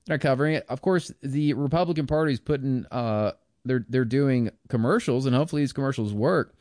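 A man's voice: medium pitch, a little fast, a little mellow, no room sound, studio quality. A man giving a blunt, scornful, rambling political commentary monologue.

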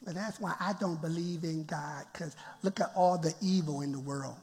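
A male pastor preaching a lively sermon in a church, often chuckling and calling out to the congregation. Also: on the high side, moderate pace, a little hiss or hum. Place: church sanctuary. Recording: long church reverb.

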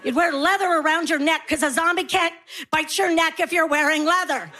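A middle-aged woman doing a stand-up comedy set, telling animated stories and acting out her kids and herself in shrill voices. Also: a little fast, noisy background.

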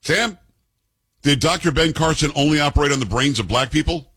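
A man's voice: on the high side, fairly quick, fairly bright tone, husky, no echo. A man in his fifties hosting a political commentary show, combative and sarcastic, firing off rhetorical questions. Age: 50s.

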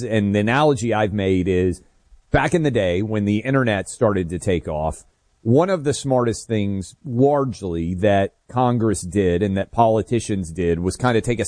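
A man's voice: fairly low pitch, mellow, dry recording, clean studio sound. A man co-hosting a political talk show, laying out his point in a conversational, explanatory way.

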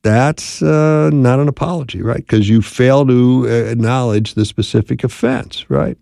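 A man's voice: medium pitch, moderate pace, creaky, mellow, no room sound, studio quality. A man teaching about apologies in marriage, in a conversational style with frequent tag questions. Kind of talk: instructional talk on marriage.

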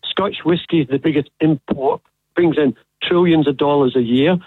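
A man rings in to talk radio and presses his opinions hard. His husky, raised voice comes through a tinny phone line. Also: a little high, moderate pace, no echo. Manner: emphatic, opinionated. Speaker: caller.

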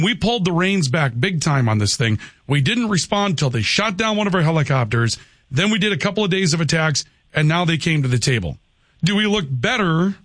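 Talk show host, a man who argues calmly and conversationally, in a dry studio. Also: on the high side, no room sound. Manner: measured, argumentative, conversational. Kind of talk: talk radio hosting. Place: radio studio.

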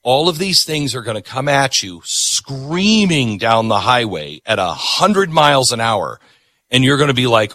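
A man's voice: medium pitch, very animated, unhurried, fairly bright tone, no room sound. A middle-aged man hosting a talk show, giving emphatic, repetitive political commentary.

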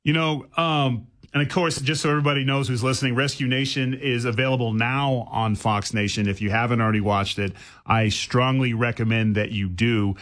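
A man's voice: mid-range voice, steady tone, brisk, a bit bright. A man hosting a radio interview, chatty and joking, stumbling a little as he works into his questions. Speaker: radio host.

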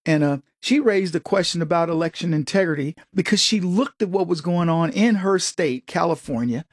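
A middle-aged American man hosts an opinionated commentary show at a moderate pace, captured in studio quality without echo. He talks animatedly, leaping into higher-pitched quoted voices.

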